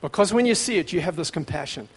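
A man preaching a sermon, dramatic, dropping to a hush and then rising to shouts. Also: on the high side, expressive, fast, slightly rough. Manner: dramatic, swings between hushed and shouting. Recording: long hall reverb.

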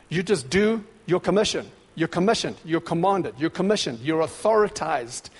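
High-voiced man preaching in a reverberant hall. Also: normal speed, few pauses, breathy edge. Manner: emphatic, repetitive exhortation; grows louder and more excited. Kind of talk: sermon.

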